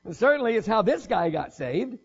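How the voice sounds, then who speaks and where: High-voiced husky male preacher. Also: very animated, fairly quick, lo-fi sound. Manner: casual, joking, thinks aloud with restarts. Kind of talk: conversational sermon.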